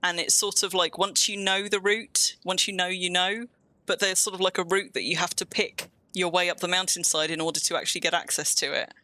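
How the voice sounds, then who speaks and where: A woman with a southern English accent chats away on a live stream as she games, her tone bright and forward. She rambles from one thought to the next and often restarts a sentence midway. The sound is dry and close, with no room around it. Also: lowish voice, fairly even intonation, brisk, dry recording. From England. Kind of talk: casual live-stream chat while gaming.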